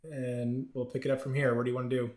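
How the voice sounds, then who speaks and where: A man narrating a tabletop game as its game master, describing scenes at an unhurried pace. His voice sits at a middle pitch. The room around him echoes. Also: flat delivery, darkish tone.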